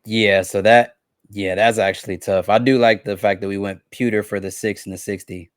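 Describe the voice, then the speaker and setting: A man co-hosting a casual product recap, relaxed and agreeable, adding short comments. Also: on the low side, normal speed, no echo, clean studio sound. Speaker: co-host.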